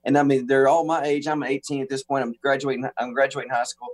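Man, from the US, talk-show guest, animated storytelling, acts out quotes, medium pitch. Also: fast talker. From United States. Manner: frequent restarts and laughter. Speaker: guest musician.

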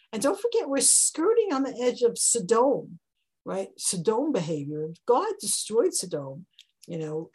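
Husky woman teaching a text study. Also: medium pitch, poor audio. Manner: animated, emphatic, rising on rhetorical questions. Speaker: Torah teacher.

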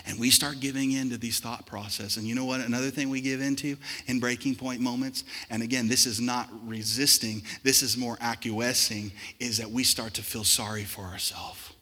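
A man preaching a sermon as pastor, swinging between hushed, reflective passages and loud, forceful outbursts. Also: medium pitch, fairly even intonation, moderate pace, few pauses, big-room sound. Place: church sanctuary.

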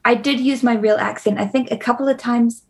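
A woman's voice: fairly high pitch, fairly even intonation, fairly quick, vocal fry. A woman from New Zealand, a podcast guest, chatting with wry self-deprecation. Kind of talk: casual podcast chat.

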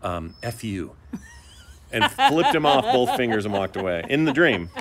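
A middle-aged man co-hosting a podcast, telling stories in a chatty, animated way. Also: mid-range voice, a little fast, a loud crowd. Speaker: podcast co-host. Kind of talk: casual chat.

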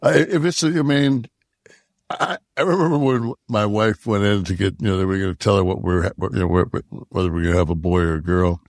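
A low, gravelly man talking loosely on a podcast, swearing freely as he wanders through a story. The sound is dry and close, with no room around it. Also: brisk, no echo. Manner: profane, rambling storytelling. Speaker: podcast co-host. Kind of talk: casual podcast chat.

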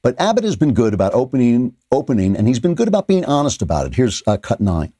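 A man's voice: mid-range voice, huge pitch swings, quick pace, warm tone, no room sound, clean studio sound. An older man hosting a political commentary show, delivering an opinionated monologue with sarcastic asides and frequent restarts.

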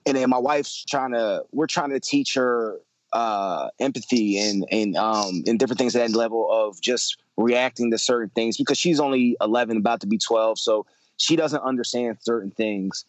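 A man in his thirties tells a family story in an easy, conversational voice. He stumbles and repeats words and drops slang as he goes. The voice is mid-pitched and sits in a dead-dry space. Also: normal speed, dry recording, poor audio. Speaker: father telling a personal story. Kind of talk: casual personal storytelling.

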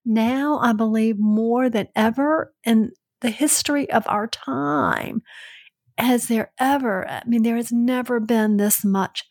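A woman's voice: a little high, slow, a little mellow. A woman with a Southern accent co-hosting a casual podcast with her son, talking in an earnest, reflective way. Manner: earnest, reflective, laughs easily. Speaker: co-host, mother.

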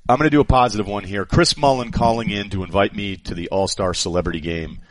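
A man co-hosting a radio show, telling animated stories and acting out quotes in a casual chat. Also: lowish voice, fast, no room sound. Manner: animated storyteller, acts out quotes.

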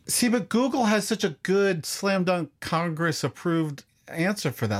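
A man's voice: high-pitched, expressive. A man co-hosting a tech podcast in casual chat, jumping in with questions and memories. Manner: quick interjections, reminiscing, questioning. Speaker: podcast co-host.

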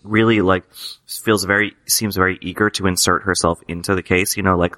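Low voiced guy talking fast, bright edgy tone, lots of you-knows. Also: flat delivery. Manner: hesitant, many restarts and you-knows. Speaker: podcast co-host. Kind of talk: casual chat.

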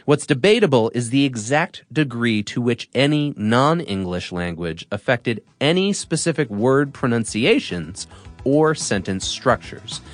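A man from the Boston area hosting an explainer podcast, reading a script with lively, playful asides. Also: medium pitch, unhurried, soft background music. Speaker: podcast host.

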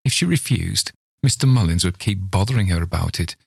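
A man reading a story aloud in a measured, unhurried narration. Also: deep voice, expressive, gravelly, a little mellow, slightly rough, no room sound, clean studio sound. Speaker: reader of stories.

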